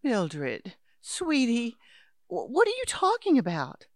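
An actress playing Henrietta, a brisk, patronizing elderly woman in an audio drama. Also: on the high side, huge pitch swings, no echo, studio quality, full character voice. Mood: soothing. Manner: brisk, patronizing, calls others dear and darling. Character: scheming elderly woman, Henrietta, would-be crime writer.

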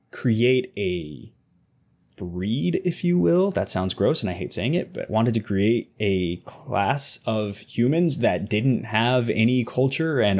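Animated husky-voiced man. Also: medium pitch. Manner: animated, voice jumps up when making a point. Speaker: podcast co-host. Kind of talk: casual discussion and reading news aloud.

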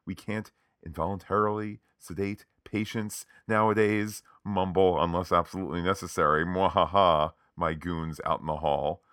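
A smug, scheming doctor speaks with playful, theatrical menace, as a man hams him up. His voice is low and forceful, and the sound is dry. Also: fairly even intonation, normal speed, clean tone, no room sound. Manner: mock-evil, with a theatrical cackle.

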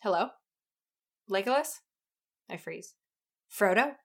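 A woman's voice: mid-range voice, expressive, slow pace, vocal fry, fairly bright tone. A woman co-hosting a comedy podcast, reading fan fiction aloud with dramatic flair and frequent giggles. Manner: giggly, breaks into laughter and off-key singing.

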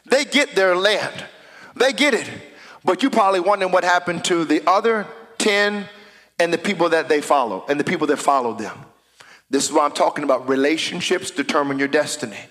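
A man preaching a sermon, reading scripture aloud and building to shouted declarations. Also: fairly high pitch, brisk. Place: church sanctuary. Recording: long hall reverb.

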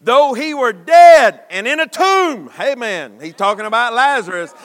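High-voiced preacher in echoing hall. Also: male voice, lively intonation. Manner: preaching with rising, shouted emphasis and dramatic pauses. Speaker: pastor. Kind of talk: sermon. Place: church sanctuary. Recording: long reverb of a church hall.

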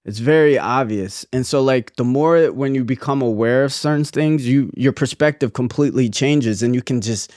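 A man's voice: medium pitch, normal speed, few pauses, a little mellow, no room sound. Young man, casual podcast co-host, earnest rambling delivery, dry close sound. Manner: rambling, earnest, many restarts. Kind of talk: casual chat.

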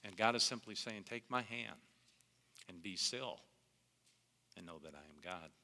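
A man's voice: fairly low pitch, expressive, measured pace, pushed and bright, in a large hall. A middle-aged man preaching a sermon in an earnest, conversational way, often calling his listeners "guys.".

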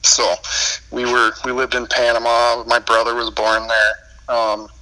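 A man's voice: medium pitch, monotone, measured pace, bright, forceful tone, rough recording. A man with a Minnesotan accent, a podcast guest telling his life story in easygoing casual chat, laughing often. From United States.

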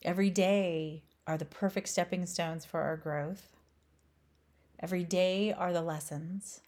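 A woman teaching on spirituality, asking slow, emphatic rhetorical questions. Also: on the low side, steady tone, a little mellow. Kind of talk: inspirational spiritual talk.

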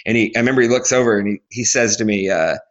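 A man in his forties from Alaska, a guest athlete telling his story in a podcast interview, animated, acting out quotes and restarting often. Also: fairly low pitch, quick pace. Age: 40s.

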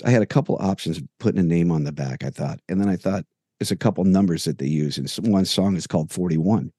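A man's voice: low voice, brisk, dark tone, no room sound, studio quality. A man co-hosting a podcast, telling a long, detailed anecdote in casual chat and acting out the dialogue as he goes. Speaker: podcast co-host. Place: home room with jerseys on the wall.

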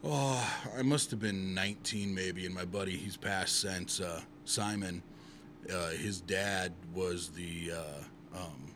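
A man's voice: low-pitched, takes it slowly, noisy background. A man from Montana telling a rambling, profane story with lots of fillers in casual chat.

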